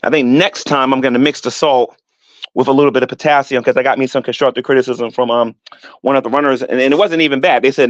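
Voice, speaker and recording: A middle-aged man ranting on his vlog, animated and defensive, repeating himself and climbing higher when heated. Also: fast, no echo, lo-fi sound. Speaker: YouTuber. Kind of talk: rambling vlog rant.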